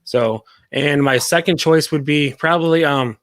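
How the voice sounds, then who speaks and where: A man's voice: fairly high pitch, a little slow, a bit bright, no room sound, studio quality. A man joining a movie podcast as a guest, talking in a laid-back, modest way. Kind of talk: casual chat.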